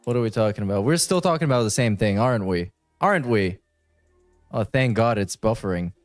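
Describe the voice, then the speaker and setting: A man's voice: lowish voice, animated, quick pace, darkish tone, no room sound, soft background music. Sarcastic man heckling a video, dry sound. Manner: sarcastic, swears casually. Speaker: streamer reacting to a video. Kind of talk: mocking reaction commentary.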